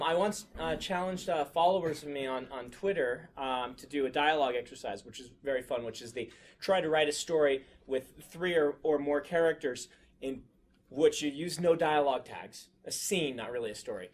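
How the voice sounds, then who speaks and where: A man leading a writing class in a classroom, chatting casually with students and using many fillers. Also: on the high side. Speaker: writing instructor. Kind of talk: classroom lecture and discussion.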